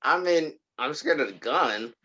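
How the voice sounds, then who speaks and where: A man's voice: fairly high pitch, animated, a little slow, pushed and bright, muffled recording, slight background noise. A man co-hosting a podcast, asking questions in casual chat and laughing easily. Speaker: podcast co-host.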